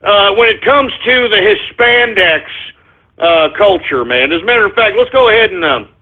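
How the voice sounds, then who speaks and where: A man hosting a call-in radio show, loud and boastful, ranting at listeners. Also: high voice, expressive, moderate pace, slight background noise. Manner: loud, boastful, shouting and cackling. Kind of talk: brash call-in radio rant. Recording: tinny phone-line radio audio with faint music.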